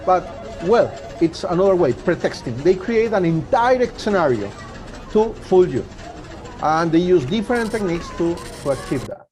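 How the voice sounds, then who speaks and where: Higher-voiced man presenting a security webinar. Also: very animated, darkish tone, soft background music. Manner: halting, repeats and restarts words. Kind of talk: live webinar talk.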